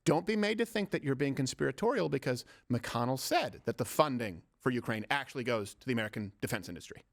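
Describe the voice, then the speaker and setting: A man hosting a political comedy show, ranting sarcastically in rapid-fire rhetorical questions. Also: medium pitch, lively intonation, vocal fry. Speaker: host.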